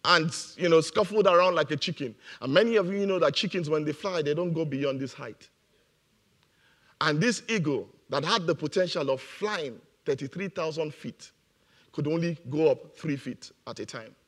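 A man's voice: a little high, moderate pace, a bit bright. A man preaching a motivational sermon, emphatic and repeating his key phrases, laughing now and then at his own jokes.

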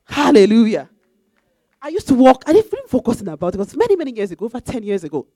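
A woman's voice: fairly high pitch, wildly swooping pitch, very fast, dark tone, no room sound. A woman preaching a sermon in an emphatic, repetitive way, now and then breaking into sung phrases. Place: church.

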